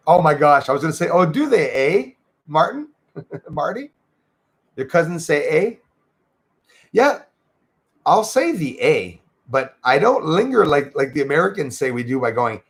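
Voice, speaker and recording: A man with a Québécois French accent, casually chatting with viewers and thanking them by name on his livestream. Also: on the high side. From Quebec, Canada. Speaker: livestream host. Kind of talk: casual livestream chat reading comments.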